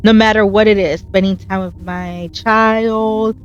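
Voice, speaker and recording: A woman's voice: mid-range voice, steady tone, unhurried, highs cut off, faint music behind. A woman hosting her gaming channel, chatting earnestly and encouragingly as she plays, telling stories with animation. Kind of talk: casual gameplay commentary.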